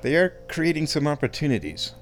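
A man at home, ranting and giving casual opinionated commentary on a football match, often clearing his throat. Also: fairly high pitch, sing-song, brisk, soft background music. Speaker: fan watching a football match.

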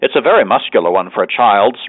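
A man's voice: on the low side, lively intonation, quick pace, no echo, pitched below the performer's own voice. A man voicing a cheeky young medical student who talks in a brash, curt way. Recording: dry, phone-like narrow sound.

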